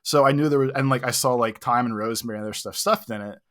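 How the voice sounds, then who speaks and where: A man's voice: medium pitch, racing, a bit bright. Rambling young man telling a story. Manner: rambling, heavy use of "like", self-mocking. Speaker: podcast co-host. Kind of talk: casual storytelling.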